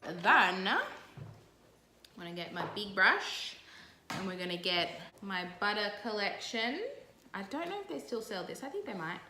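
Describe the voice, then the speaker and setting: Very animated yet measured in pace, this medium-pitched woman sounds bright and forceful. She's a young Australian beauty vlogger casually walking viewers through her makeup with chatty, playful asides, recorded in an echoey room with faint noise behind her.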